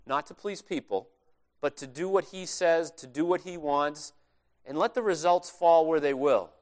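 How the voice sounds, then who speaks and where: Male pastor, earnest conversational sermon delivery, fairly high voice, leans hard on key lines. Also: normal speed.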